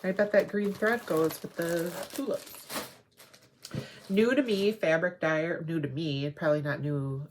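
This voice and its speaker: A woman hosting a crafting video, chatting casually and rambling excitedly as she shows off her haul. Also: sits low, unhurried. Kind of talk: casual show-and-tell haul.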